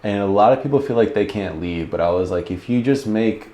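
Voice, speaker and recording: A man's voice: fairly low pitch, brisk, mellow. A man hosting an interview, asking questions in a joking, irreverent way and laughing often. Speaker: podcast host. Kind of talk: casual interview chat. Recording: roomy with faint background noise.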